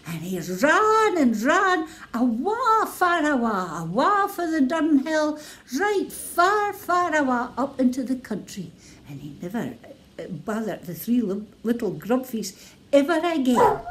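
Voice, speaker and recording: A woman with a Scottish accent telling a children's story in a playful, expressive way. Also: fairly high pitch, slow, heavy background noise.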